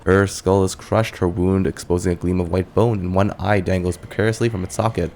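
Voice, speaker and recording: A man's voice: low voice, creaky, a little hiss or hum. A man casually commenting on a game and reading its text aloud. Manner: relaxed, reads dialogue and narration aloud. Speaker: gamer.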